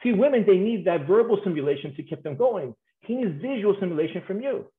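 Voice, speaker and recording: A man giving a humorous conference talk on marriage, animated and playful, acting out voices and laughing often. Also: sits high, fast. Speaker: speaker on marriage. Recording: tinny phone-like sound in an echoey room.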